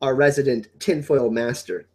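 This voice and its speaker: A man hosting a casual livestream chat, excitable and rambling, often repeating his words. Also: mid-range voice, normal speed. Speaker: livestream host.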